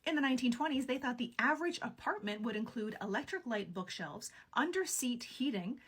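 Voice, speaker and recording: A woman's voice: a little high, lively intonation, brisk, fairly bright tone, breathy edge. A woman hosting a video, giving scripted narration with playful, wry asides. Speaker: video host.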